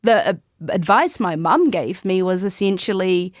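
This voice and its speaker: A woman's voice: lowish voice, expressive, normal speed, dry recording, clean studio sound. A young woman, telling stories as a podcast guest in a chatty way and often laughing mid-sentence. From New Zealand. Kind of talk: casual interview chat.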